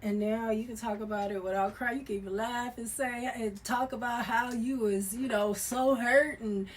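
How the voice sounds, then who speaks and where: A woman giving a loose, conversational tarot reading, swearing casually and swinging from soft murmurs to loud, emphatic bursts. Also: fairly high pitch, fairly even intonation, moderate pace, slight background noise. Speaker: tarot reader.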